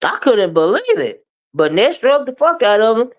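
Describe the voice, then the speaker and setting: A woman hosting a casual live-stream gossip show, talking in a sassy, emphatic, drawn-out way. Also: on the high side, big pitch swings. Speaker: live-stream commentary host.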